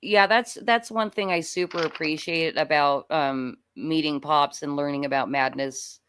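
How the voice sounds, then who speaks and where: A woman's voice: low voice, unhurried, fairly bright tone, a little hiss or hum. A woman co-hosting a casual stream, friendly and encouraging about networking. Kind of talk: casual chat.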